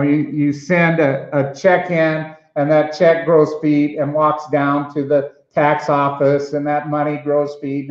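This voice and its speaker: A man delivers a teaching sermon at an unhurried pace, stumbling through fillers and restarts as he works through grammar. His voice sits a little high for a man. The recording is dull and lo-fi. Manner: conversational, many fillers and restarts, explains Greek grammar. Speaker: pastor. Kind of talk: expository sermon.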